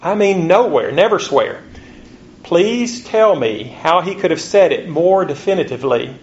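Male preacher, fairly high voice, slow emphatic scripture reads, dull lo-fi recording. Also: expressive. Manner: reads scripture slowly, rising pitch on rhetorical questions. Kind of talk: sermon. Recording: dull lo-fi recording with faint ambience.

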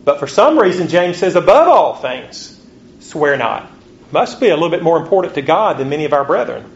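Male preacher, fairly high voice, slow emphatic scripture reads, dull lo-fi recording. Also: animated, gravelly. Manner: reads scripture slowly, rising pitch on rhetorical questions. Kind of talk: sermon. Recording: dull lo-fi recording with faint ambience.

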